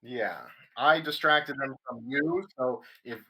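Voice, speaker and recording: A man's voice: mid-range voice, takes it slowly, bright, forceful tone, rough recording. A man playing in a tabletop game, chiming in casually about the rules. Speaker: player.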